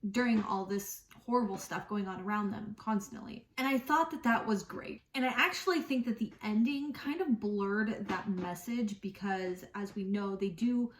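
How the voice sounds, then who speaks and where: A woman's voice: medium pitch, normal speed, hardly any pauses, roomy sound, distant mic, slight background noise. A woman giving a casual book review in a wry, puzzled way.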